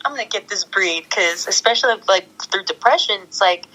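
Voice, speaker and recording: A woman's voice: medium pitch, lively intonation, a little fast, sharp tone, rough recording. A middle-aged woman chatting as an interview guest, gushing and laughing often as she talks. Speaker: guest, former pro wrestler. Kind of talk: casual interview chat.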